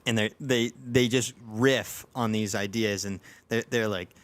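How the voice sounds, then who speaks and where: A man's voice: on the low side, fairly even intonation, measured pace, fairly bright tone. A man hosting a podcast, chatting casually and rambling through many restarts and fillers. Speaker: podcast host. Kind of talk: casual chat.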